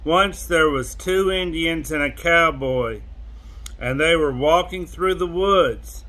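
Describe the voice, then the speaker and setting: A man tells a joke in an unhurried, drawn-out way, stopping often to fill the gaps with "uh". His voice sits slightly high for a man. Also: sharp tone. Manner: slow, drawn-out delivery full of "uh" pauses. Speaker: joke teller. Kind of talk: telling a joke.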